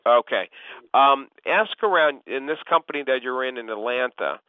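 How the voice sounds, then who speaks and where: Guy coaching a realtor on a call, middle pitch, tinny phone line sound, teaching step by step. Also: animated, moderate pace, clean tone, no echo. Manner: instructive, repeats the listener's name. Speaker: real estate coach.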